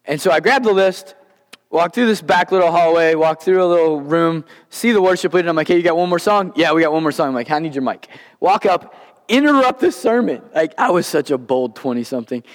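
A male pastor tells a story from the pulpit, slipping into the voices of the people in it. His voice sits a little high for a man. The sound rings with the long reverb of a large hall. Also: fairly quick. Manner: animated, acts out quoted dialogue. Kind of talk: storytelling sermon.

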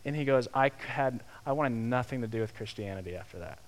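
A young man preaching a sermon in a lively, conversational way, acting out the quotes he tells. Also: medium pitch, fairly quick, a little hiss or hum. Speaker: pastor.

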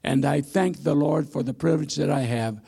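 A man's voice: fairly high pitch, normal speed, creaky, mellow, husky. A man in his eighties, a missionary preacher, giving a sermon in a church with folksy, self-deprecating stories and frequent hesitations. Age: 80s. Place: church sanctuary.

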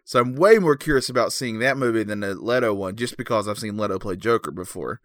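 A man's voice: lowish voice, expressive, fast talker, a bit bright, no room sound, clean studio sound. A man with a Southern US accent, a guest chatting casually on a podcast. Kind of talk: casual chat.

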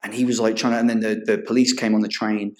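A man's voice: on the low side, little pitch movement, fast talker, darkish tone. A young English man, a barber guest, telling rambling stories full of swearing in a casual chat. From England.

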